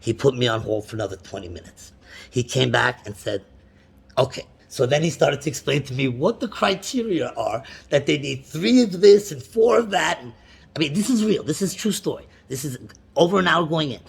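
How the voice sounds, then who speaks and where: A man complains over a phone call in a gravelly, husky voice that sits a little high. He stumbles through repeated restarts and breaks into exasperated outbursts. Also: animated, a little fast. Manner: frustrated, repetitive, with many restarts and rising outbursts. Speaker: bank customer on a phone call. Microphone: phone call recording.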